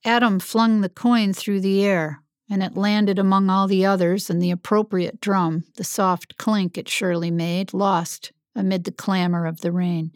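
A woman narrating an audiobook in an even, descriptive reading. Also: mid-range voice, measured pace, few pauses, no room sound, clean studio sound.

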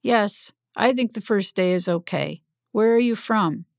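A woman's voice: mid-range voice, lively intonation, a little slow, gravelly, no room sound, clean studio sound. A woman voicing a friendly, curious young man, open and easy in manner.

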